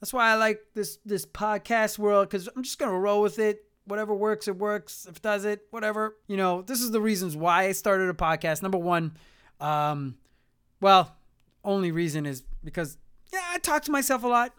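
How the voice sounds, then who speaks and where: Smooth-voiced, rambling solo podcast dad. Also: male voice, high-pitched, moderate pace, fairly bright tone. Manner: rambling, self-mocking, jokey asides. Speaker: podcast host. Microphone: studio mic.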